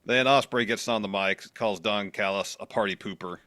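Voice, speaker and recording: Deep, forceful wrestling recap host. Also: male voice, normal speed, dry recording, studio quality. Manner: steady play-by-play storytelling. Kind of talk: recapping matches.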